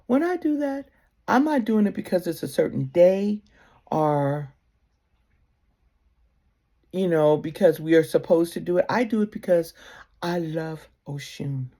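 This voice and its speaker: A woman giving casual spiritual advice to camera, heartfelt and conversational, sometimes sinking to a soft near-whisper. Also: fairly low pitch, animated, unhurried, long pauses.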